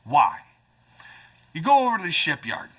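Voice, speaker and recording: Animated man in his forties doing stand-up. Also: normal speed, breathy edge. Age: 40s. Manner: animated, jumps to high voices for acted-out lines. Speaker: stand-up comedian. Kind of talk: stand-up routine.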